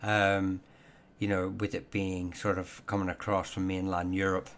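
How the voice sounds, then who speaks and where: A man's voice: sits low, flat delivery, a little slow, slight background noise. A man hosting a casual live Q&A stream on surnames and heraldry, talking in a hesitant way full of ums and self-corrections. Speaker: livestream host answering viewer questions on Irish surnames.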